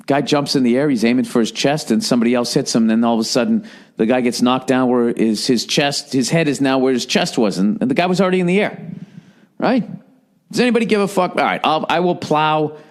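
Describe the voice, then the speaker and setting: Middle-aged male podcast host, profane rambling storyteller, lively pitch swings. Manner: profane, animated storytelling with acted quotes. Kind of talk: casual rambling monologue.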